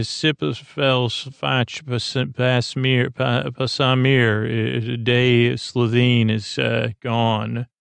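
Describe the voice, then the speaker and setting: Male podcast host, gravelly and smooth, dry close sound, rambling sleepy recap. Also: medium pitch, dry recording. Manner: halting, many fillers and restarts. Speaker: podcast host retelling an episode.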